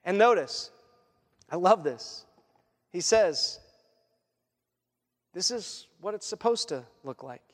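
Pastor, male, high voice, animated sermon delivery, long church reverb. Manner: animated, acts out voices and jokes.

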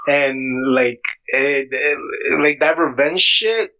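A man's voice: fairly high pitch, slow pace, pushed and bright. A man in casual chat, talking in a laid-back, slangy way. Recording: dull lo-fi sound.

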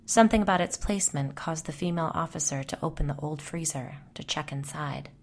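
Low-voiced woman narrating a ghost story. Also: a little fast, a little mellow, a little hiss or hum. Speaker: podcast host and narrator.

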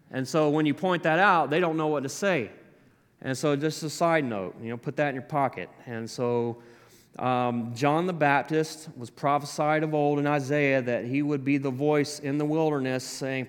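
A man preaching a sermon, animated, acting out the voices in the scripture he quotes. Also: fairly high pitch, clean tone. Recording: long hall reverb.

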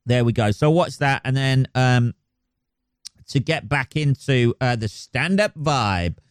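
Guy rambling on his own podcast, swears a lot, smooth clear voice, dead dry sound. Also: medium pitch, expressive, takes it slowly, no room sound. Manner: rambling, sweary, many ums and restarts. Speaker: podcast host. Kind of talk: solo podcast monologue.

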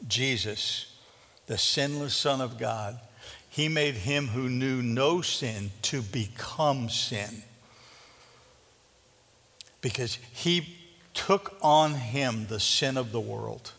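A man preaching a sermon as pastor, conversational and earnest, dropping to a hushed intensity. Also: mid-range voice. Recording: reverberant hall.

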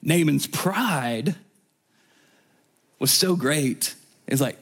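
A man's voice: mid-range voice, normal speed. A man preaching a sermon as a guest speaker, in a casual, chatty way with offhand asides. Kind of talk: conversational sermon.

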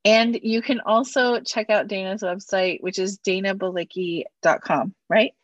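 A woman hosts a podcast, chatting casually and affirming her guest often. Her voice is mid-pitched. The recording sounds dull and very dry. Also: fairly even intonation, a little slow, no echo. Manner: warm, affirming, frequent "yeah". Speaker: podcast host. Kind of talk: casual conversation.

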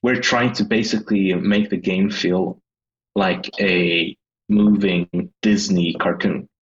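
A man's voice: deep voice, steady tone, slow, dull audio. A man with a Swedish accent, a game designer talking hesitantly as a guest and searching for his words. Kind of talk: casual interview chat.

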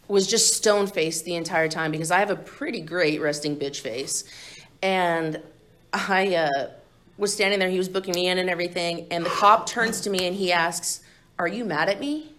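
A young woman with a lowish, slightly bright voice tells a group about her own recovery. She's candid and blunt, swears freely, and laughs often as she shares her testimony.

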